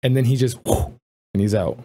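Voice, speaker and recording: A man's voice: medium pitch, moderate pace, dark tone. A man narrating a tabletop game as game master in a casual, rambling way, swearing and joking with his players.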